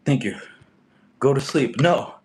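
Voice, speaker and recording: A man chatting casually with his live-stream viewers while working out, excitable and a little out of breath. His voice sits at an ordinary middle pitch. The room is echoey, with a faint hum of background noise. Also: measured pace, far from the mic. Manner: excitable, breathless, laughing between attempts. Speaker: fitness streamer. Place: indoor room upstairs at home.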